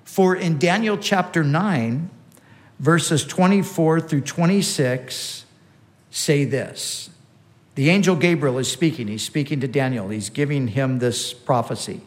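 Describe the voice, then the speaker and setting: A man delivers a sermon in a steady teaching manner. His voice sits a little high for a man. He often restarts a phrase and repeats the words he wants to stress. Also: a little slow. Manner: teaching, with frequent restarts and emphatic repetition. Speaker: preacher.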